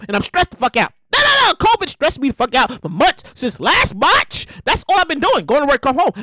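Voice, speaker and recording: A young woman from New hosting her own show, ranting in casual comedic commentary, swearing freely and acting out people in quick voices. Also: sits high, pushed and bright, no room sound, clean studio sound. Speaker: podcast host.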